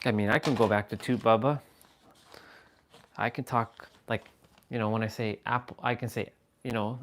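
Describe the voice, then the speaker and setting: A man's voice: fairly low pitch, steady tone, moderate pace, long pauses. Rambling man chatting on a livestream. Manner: rambling, playful, chatting with viewers. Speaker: livestream host. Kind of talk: casual live-stream chat.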